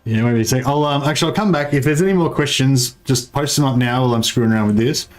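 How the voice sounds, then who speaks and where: A man's voice: mid-range voice, fast talker, faint music behind. A man streaming a game live, chatting casually and rambling, with many fillers as he reads his chat aloud.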